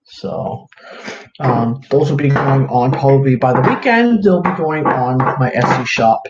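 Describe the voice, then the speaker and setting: This man sells crafts live online, displaying them to viewers in a loose, filler-heavy ramble. He speaks at medium pitch and a measured pace. A faint hiss runs under the roomy, dull, lo-fi sound.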